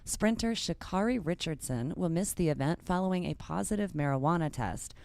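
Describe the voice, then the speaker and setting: A woman's voice: on the low side, expressive, brisk, creaky, darkish tone, a little hiss or hum. A woman co-host reading news headlines between light banter and laughter. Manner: laughs often, light reactions.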